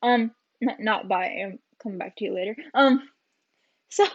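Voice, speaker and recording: A woman's voice: medium pitch, normal speed, highs cut off, slight background noise. A young woman vlogging in a casual, rambling reaction chat, giggling and full of fillers.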